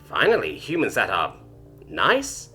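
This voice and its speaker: A man's voice: lowish voice, huge pitch swings, unhurried, bright, forceful tone, faint music behind, full character voice. A man voicing an anxious young male alien student with antennae, fretful and weary. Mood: relieved.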